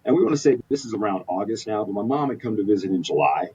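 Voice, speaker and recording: Husky man telling his story, distant mic. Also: fairly low pitch, animated, fast, dark tone. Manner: earnest, rambling with restarts. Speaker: podcast guest. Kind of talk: candid personal storytelling. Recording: distant mic, dull lo-fi sound.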